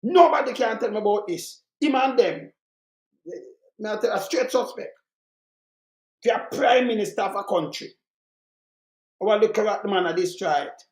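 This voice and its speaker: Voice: medium pitch, moderate pace, long pauses. Fiery Jamaican commentator, roomy echo. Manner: fiery, repetitive, rants in Jamaican patois. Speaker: political commentator. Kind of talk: heated commentary monologue.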